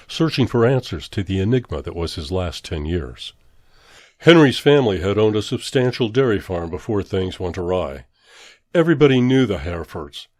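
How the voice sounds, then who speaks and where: Male horror narrator, low, measured, dramatic, dry close recording. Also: a little mellow, no echo. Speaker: storyteller.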